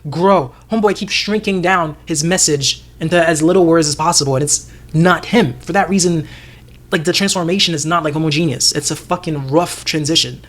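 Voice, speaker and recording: A man co-hosting a casual TV discussion podcast, animated and profane, laughing often and acting out characters' lines. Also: on the high side, a little fast. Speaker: podcast co-host.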